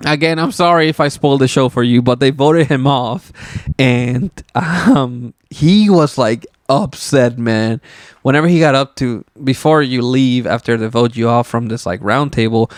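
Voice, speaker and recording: Smooth-voiced man rambling on a podcast. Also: mid-range voice, normal speed, no echo, studio quality. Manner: rambling, loose, filler-heavy and swearing. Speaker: podcast host. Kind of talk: casual solo podcast chat.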